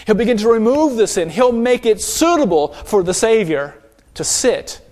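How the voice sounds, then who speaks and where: A man's voice: sits high, expressive, moderate pace, darkish tone. A male pastor preaching an emphatic sermon and calling out for an amen.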